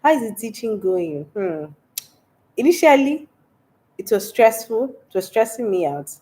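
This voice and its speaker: This young Nigerian woman has a cold, so her voice comes out stuffy and congested as she hosts a casual livestream, reading comments and laughing frequently. Her voice is fairly high and dark in tone, very animated but measured in pace.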